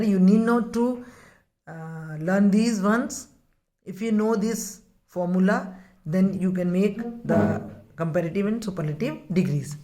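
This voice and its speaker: A woman teacher, explaining a grammar lesson to children slowly and deliberately, repeating the key words. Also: medium pitch, dark tone.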